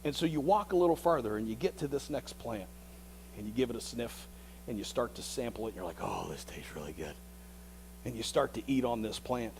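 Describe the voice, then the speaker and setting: A male pastor preaching a sermon as a vivid story, often repeating words and dropping into hushed tones. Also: medium pitch, quick pace, slight background noise, rough recording.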